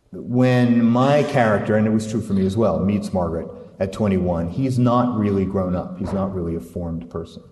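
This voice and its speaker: A man's voice: sits low, warm tone, far from the mic. Thoughtful man in an echoey hall. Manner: thoughtful, hesitant with pauses. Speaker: author being interviewed. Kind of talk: reading aloud and interview talk.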